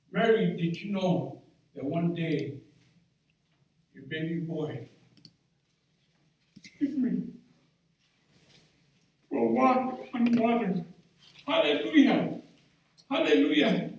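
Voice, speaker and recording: A man preaching a sermon as pastor, fervent and rising to shouts of praise, recorded from far off in an echoing church hall. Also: sits high, expressive, takes it slowly, pauses often. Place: church sanctuary.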